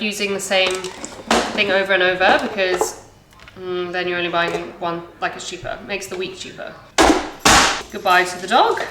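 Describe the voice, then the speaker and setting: A woman in her thirties, a mum chatting casually with many "like"s and giggles while cooking family dinner at home. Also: mid-range voice. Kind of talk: casual cooking vlog chat. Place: home kitchen. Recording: echoey kitchen with background noise.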